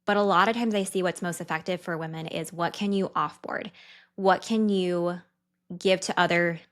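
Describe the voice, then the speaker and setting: A young woman, a dietitian, hosting her own podcast in a candid, chatty way with quick asides. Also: on the low side, fairly even intonation. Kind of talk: casual solo podcast talk.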